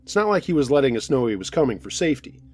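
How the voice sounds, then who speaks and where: A man narrating true scary stories from listeners in the first person, in a steady storytelling way. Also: mid-range voice, very fast.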